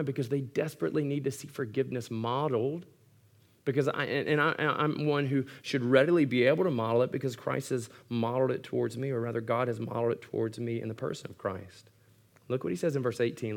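A man's voice: mid-range voice, gravelly. Earnest male pastor preaching. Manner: earnest preaching with wry asides. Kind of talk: sermon.

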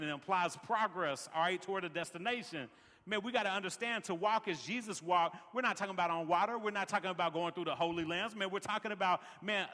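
A man's voice: sits high, bright, forceful tone, in a large hall. A man preaching a sermon as pastor, peppering his lines with "man" and building rhythmic refrains. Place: large worship center.

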